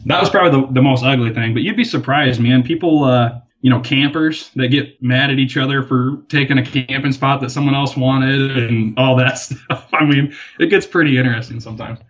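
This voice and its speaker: A man guesting on a podcast, telling stories and talking gear in a relaxed, rambling way with many fillers. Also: mid-range voice, brisk, few pauses, muffled recording. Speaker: guest, company representative. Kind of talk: casual storytelling and product talk.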